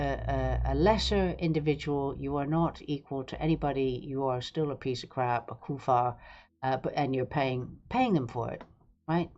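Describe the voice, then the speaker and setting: A woman's voice: a bass voice, a little mellow, highs cut off. A woman hosting a live stream, talking in a rambling, sarcastic, digressive way. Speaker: livestream host. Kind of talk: casual live-stream commentary.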